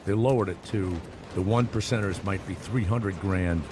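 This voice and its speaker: A man's voice: sits low, moderate pace, noisy background. A middle-aged man hosting a talk radio show, rambling through a sarcastic comedic monologue with mock voices.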